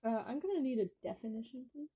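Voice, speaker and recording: A woman's voice: a little high, animated, slightly rough. A woman playing a tabletop game, chatting casually and teasing the others. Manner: teasing, quick to joke. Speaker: player. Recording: dull lo-fi sound.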